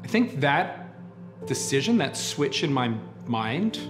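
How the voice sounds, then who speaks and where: Man in his forties, earnest interview testimony, mid pitch, music bed behind. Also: big pitch swings, slow. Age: 40s. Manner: candid, earnest storytelling. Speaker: producer and HIV advocate.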